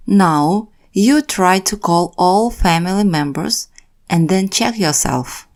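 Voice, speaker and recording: A woman teaching a beginner vocabulary lesson, saying each word slowly and carefully and then repeating it. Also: lowish voice, a little mellow. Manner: careful, deliberate pronunciation with repeated words. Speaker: language teacher. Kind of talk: slow scripted vocabulary lesson.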